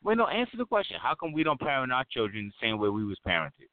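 A man's voice: mid-range voice, wildly swooping pitch, fast, dry recording. A man co-hosting a casual talk show who teases the others and laughs at his own jokes. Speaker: co-host. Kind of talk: casual chat. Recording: phone-line audio.

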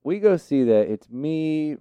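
Middle-aged Texan man, raised pitch, dry close mic, animated storyteller who laughs a lot. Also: measured pace, smooth, no room sound. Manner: animated, laughing, acts out other people's lines. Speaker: podcast co-host. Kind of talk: casual storytelling among friends.

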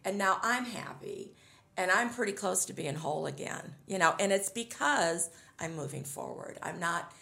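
A woman's voice: lowish voice, animated, normal speed, vocal fry, sharp tone, echoey room. A middle-aged woman talking casually as an interview guest, upbeat and chatty, often laughing as she tells stories.

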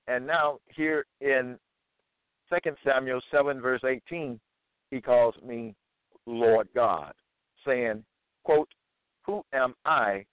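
A man giving a deliberate scripture lecture and quoting verses with stress. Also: mid-range voice, smooth, dry recording. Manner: slow, deliberate, quotes verses with emphasis. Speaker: religious teacher. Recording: tinny phone-like sound.

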